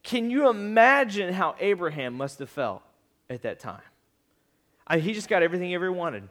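A man with a high voice preaches in a relaxed, talkative way, as though chatting with his congregation. He repeats phrases for effect and swells into loud, emphatic stretches. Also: normal speed. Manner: animated, builds to loud emphatic peaks. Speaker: pastor. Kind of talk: casual conversational sermon.

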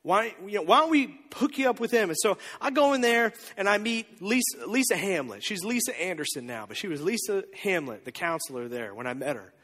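A man in his thirties preaching a sermon, telling the story with lively, acted-out voices. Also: high voice, fairly quick, few pauses, long reverb tail. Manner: animated storytelling, acting out the disciples' voices. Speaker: pastor.

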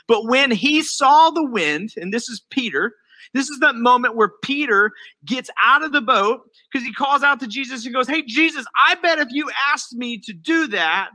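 A man delivers a sermon with a very bright, high-pitched voice. He is animated and acts out the voices of the people in the story as he preaches. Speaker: pastor.

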